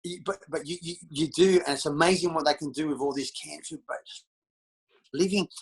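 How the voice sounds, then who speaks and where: A man's voice: fairly high pitch, brisk, slightly rough, low-quality recording. A middle-aged Australian man talking bluntly and profanely in a candid interview, calling everyone mate. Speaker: interview guest.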